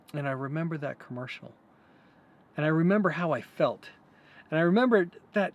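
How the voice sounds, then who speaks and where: A man hosting a vlog, earnestly and reflectively telling a personal story with some hesitant fillers. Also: fairly high pitch. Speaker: host.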